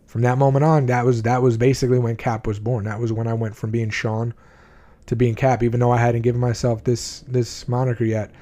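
An adult man, at least in his twenties, shares his life story with viewers in a warm, mid-range voice that stays flat and moves a bit fast. He is blunt and emotional, frequently restarting his sentences as he tells it candidly.

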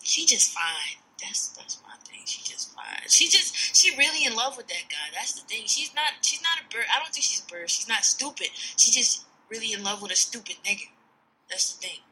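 Bright-voiced woman, blunt and opinionated. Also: a little high, very animated, fairly quick, low-quality recording. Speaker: podcast co-host. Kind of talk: casual chat.

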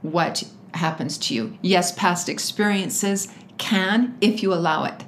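A woman's voice: lowish voice, takes it slowly, a little hiss or hum. Emphatic woman telling her own story. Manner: emphatic, animated storytelling with frequent laughter. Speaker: interview guest. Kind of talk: personal story told in conversation.

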